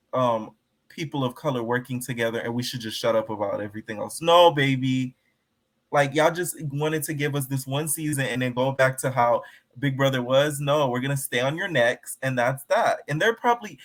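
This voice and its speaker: Man, casual vlog commentary, sassy, slangy, gossipy, mid pitch. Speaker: reality TV commentator.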